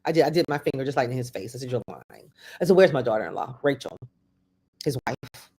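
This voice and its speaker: A middle-aged woman tells a personal story on her own podcast. She talks haltingly, stumbling and restarting often. She drops into the quoted words of the people she describes. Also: extremely low pitch, animated, darkish tone, husky. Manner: halting, with many restarts and fillers; acts out other people's words in quoted asides. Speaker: podcast host.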